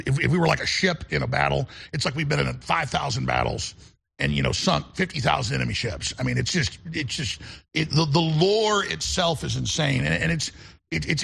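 A man's voice: a little high, creaky, a bit bright, slightly rough. A man hosting a talk radio show, delivering a rambling, emphatic monologue full of repeated restarts. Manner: emphatic and combative.

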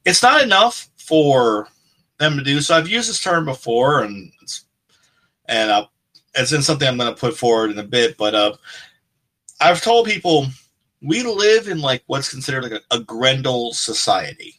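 Bright-voiced man ranting casually. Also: medium pitch, sing-song, moderate pace, rough recording. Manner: rambling, profane, ranting. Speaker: podcast co-host. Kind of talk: casual chat.

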